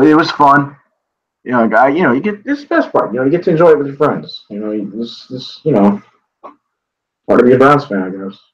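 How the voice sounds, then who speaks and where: A young man from northeast Ohio, chatting casually about a game, rambling with restarts and swearing freely. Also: medium pitch. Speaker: sports vlogger. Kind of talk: casual chat. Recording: dull lo-fi sound.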